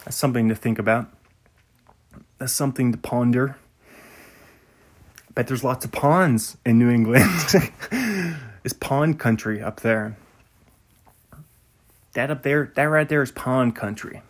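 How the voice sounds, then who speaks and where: A man's voice: medium pitch, unhurried, pauses often. A man hosting a podcast in casual chat, rambling and musing aloud, often trailing off mid-sentence. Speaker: podcast host.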